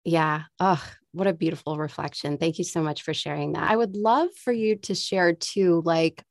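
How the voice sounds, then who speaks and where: Effusive low-voiced woman podcast host. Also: moderate pace, dry recording, studio quality. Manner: effusive and heartfelt, laughs often. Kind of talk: conversational interview.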